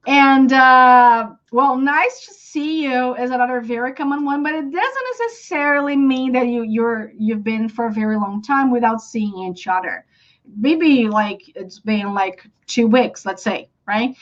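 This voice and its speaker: Brief: Brazilian-accented woman English teacher, high and very animated, dull lo-fi stream sound. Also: unhurried. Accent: Brazilian Portuguese. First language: Portuguese. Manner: animated, acts out example phrases with big pitch jumps. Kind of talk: live online English lesson.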